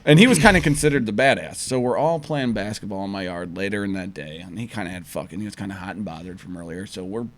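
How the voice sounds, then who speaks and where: A man's voice: fairly low pitch, fast, few pauses, dry recording. Profane storytelling man, dry sound. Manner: profane, animated, acts out quotes in shifting voices. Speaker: podcast co-host. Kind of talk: casual storytelling chat.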